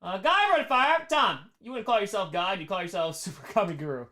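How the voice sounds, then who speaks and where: A man's voice: sits high, lively intonation, brisk, sharp tone. A man hosting a casual live-stream Q&A, reading chat messages aloud and answering with playful jokes and frequent laughs.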